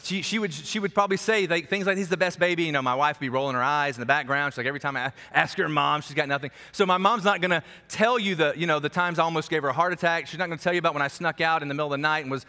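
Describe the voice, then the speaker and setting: Animated man preaching in an echoey hall. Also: on the high side, rapid-fire, hardly any pauses. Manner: conversational, animated storytelling with dramatic soft drops. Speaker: pastor. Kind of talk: sermon.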